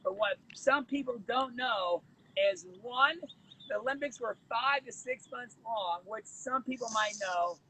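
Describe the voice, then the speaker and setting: A man hosting a casual morning chat with a guest, upbeat, with sudden leaps in pitch. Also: a little slow, pushed and bright, slight background noise, low-quality recording. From United States. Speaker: host.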